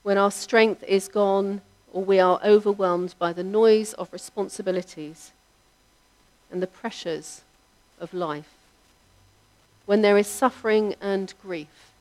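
A woman preaching a sermon, in a measured, reflective delivery whose line ends trail off softly. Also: mid-range voice, fairly even intonation.

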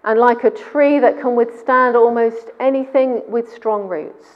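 A woman's voice: fairly high pitch, fairly even intonation, measured pace, highs cut off. A woman preaching a sermon in church, talking conversationally and quizzing her congregation.

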